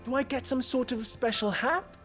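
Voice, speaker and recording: An actor voicing a wry, newly appointed town leader in a video game, with a dry sense of humor. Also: male voice, extremely high pitch, moderate pace, a bit bright. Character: wry middle-aged male town leader, newly mayor. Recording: game music underneath.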